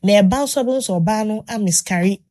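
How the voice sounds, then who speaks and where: A woman hosts a casual chat and tells a long story, animated and full of restarts. She fills her pauses with little sounds as she goes. Her voice sits in an ordinary middle pitch. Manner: animated retelling with many fillers and restarts.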